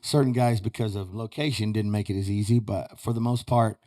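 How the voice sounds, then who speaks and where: A man's voice: on the low side, fairly even intonation, fairly quick, dark tone. A man telling rambling, folksy stories as a guest in a studio. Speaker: podcast guest, retired rodeo roper. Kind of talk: casual chat.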